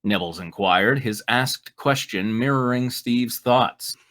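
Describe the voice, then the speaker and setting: A man's voice: mid-range voice, takes it slowly, a bit bright. A man hosting and narrating a live fan fiction read-through in a playful, joking manner. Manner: playful, breaks to laugh and comment. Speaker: narrator and show host.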